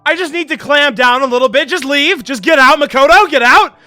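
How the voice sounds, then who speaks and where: A man voicing a guarded, proud young female detective from a game, shouting in a clipped, stammering way. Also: very high voice, a little fast, dry recording, soft background music. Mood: furious. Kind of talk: voicing game dialogue on a stream.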